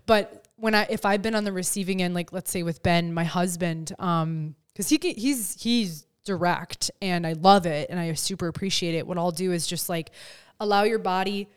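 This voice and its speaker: A woman hosting a casual podcast chat close to the mic, animated and acting out quoted lines. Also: fairly low pitch, normal speed, smooth. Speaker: podcast host. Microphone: close studio mic.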